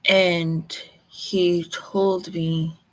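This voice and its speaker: A woman from Colorado, telling a personal story in a halting way, close to tears. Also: on the low side, flat delivery. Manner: slow, halting, emotional recollection.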